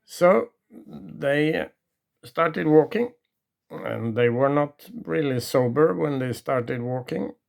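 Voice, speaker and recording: A man retelling a true story from memory in a halting, pausing manner. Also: mid-range voice, animated, gravelly. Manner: halting, with restarts and pauses.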